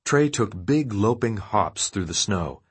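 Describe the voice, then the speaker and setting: A man narrates a dark, violent story in a steady, measured audiobook reading. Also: on the low side, slightly rough. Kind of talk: scripted narration of dark fiction.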